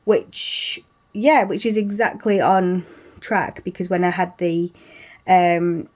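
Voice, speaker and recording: A woman's voice: on the low side, steady tone, takes it slowly, darkish tone. A young woman telling a story in a chatty way to her camera, laughing often and acting out the quotes. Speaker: vlogger sharing pregnancy updates. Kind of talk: casual chat.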